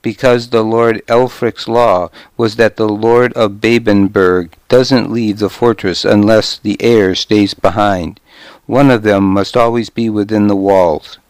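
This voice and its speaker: Audiobook noblewoman, defiant and bitter, sharp-tongued, voiced by a male narrator; low-pitched, clear, unhurried delivery. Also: fairly even intonation, no room sound, natural voice. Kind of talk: audiobook character reading.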